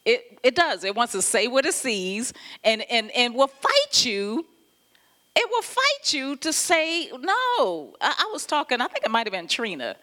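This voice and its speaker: A woman pastor delivers a chatty, animated sermon. Her voice sits a little high and rings bright, with pitch leaping up and down as she laughs through her points. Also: a little slow. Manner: animated, laughing, conversational preaching.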